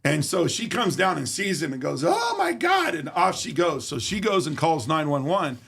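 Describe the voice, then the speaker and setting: A man with a fairly high-pitched voice, normal speed, vocal fry, and a somewhat bright, husky quality is an interview guest. He tells a story casually, vividly, and profanely, acting out the dialogue.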